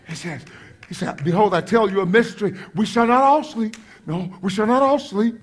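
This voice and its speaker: High-voiced man preaching with fervor. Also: animated, normal speed, husky. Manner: impassioned, swinging from quiet asides to loud exclamations. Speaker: pastor. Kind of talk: sermon.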